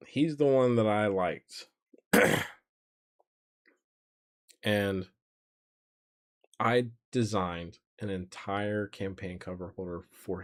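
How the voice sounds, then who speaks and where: A male streamer telling a rambling story casually, laughing often and correcting himself. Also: fairly low pitch.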